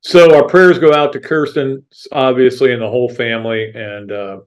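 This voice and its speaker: A middle-aged man hosts a casual sports podcast from a studio set. He talks in an earnest, rambling way, often restarting his sentences. His voice sits at an ordinary middle pitch. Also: fairly even intonation, normal speed, hardly any pauses. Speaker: podcast host.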